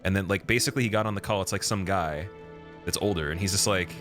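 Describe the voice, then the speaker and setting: Young guy with a really deep voice rambling through his game stream, laughs a lot, faint music under it. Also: quick pace. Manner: rambling, chatty, laughs often. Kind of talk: casual live gameplay commentary.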